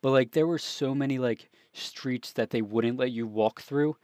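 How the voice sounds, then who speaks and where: A man's voice: mid-range voice, normal speed, darkish tone, no room sound. A young man co-hosting a gaming podcast, talking casually and rambling, often laughing and restarting his sentences. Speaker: podcast co-host. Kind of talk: casual chat.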